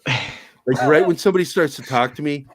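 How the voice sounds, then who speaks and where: A man's voice: a little high, a little fast, fairly bright tone. A man guesting on a podcast, telling stories in a casual, profane, self-mocking way. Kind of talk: casual storytelling chat.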